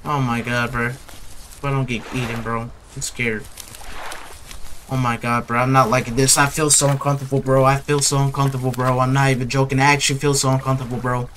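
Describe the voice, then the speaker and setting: A man's voice: medium pitch, level tone, brisk, fairly bright tone, a little hiss or hum. Jittery young man scared by a horror game. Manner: jittery, nervous, repeats himself, ends phrases with "bro". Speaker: gaming YouTuber. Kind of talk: casual horror game commentary.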